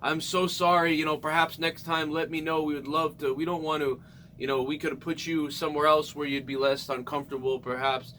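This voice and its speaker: A polite, soft-spoken waiter, put on by a man in a comic monologue. He talks low and quiet, hesitant and apologetic. The voice sits well below the man's usual talk. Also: flat delivery, a little fast, slight background noise. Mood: politely hushed.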